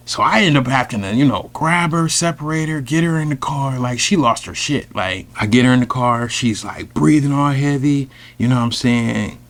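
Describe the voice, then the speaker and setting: Animated slangy man telling a story. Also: normal speed, few pauses. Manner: animated, slangy, with sudden loud high outbursts. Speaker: storyteller host. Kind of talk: casual storytime monologue.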